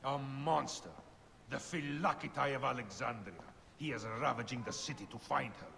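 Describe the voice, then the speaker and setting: A man's voice: medium pitch, steady tone, normal speed, creaky, sharp tone. An actor playing a secretive young male scholar in hiding, speaking in an earnest, urgent way. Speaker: scholar, Aya's cousin. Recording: reverberant game audio with background noise.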